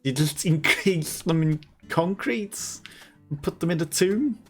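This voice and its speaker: Amused, slow-talking man commentating a game. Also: a little high. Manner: amused, chatty, laughs often. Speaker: let's play host. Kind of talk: gameplay commentary. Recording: voice over game music.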